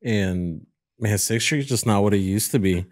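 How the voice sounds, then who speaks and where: A man, a podcast host, talking in an unhurried, reflective way in casual chat. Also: fairly low pitch.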